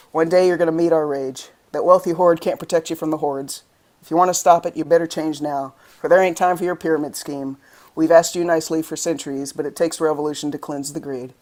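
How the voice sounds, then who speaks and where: Poet, from the United States, spoken word reading, rhythmic, impassioned, angry emphasis, mid pitch. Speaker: guest poet.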